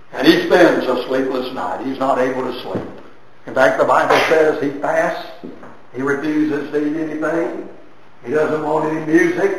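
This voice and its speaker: A man preaching in a slightly higher voice, heard from a distance in a very echoey hall. He tells the story dramatically, swinging between hushed and booming phrases. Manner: dramatic storytelling with sweeping swings of pitch and loudness. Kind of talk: sermon.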